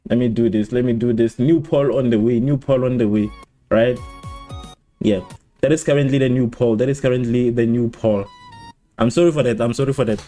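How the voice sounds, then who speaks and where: A man hosting a live football watchalong, rambling and repeating himself, who laughs at his own slips and jumps high in pitch at exciting moments. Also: fairly quick, soft background music. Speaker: watchalong host. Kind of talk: live match watchalong chat.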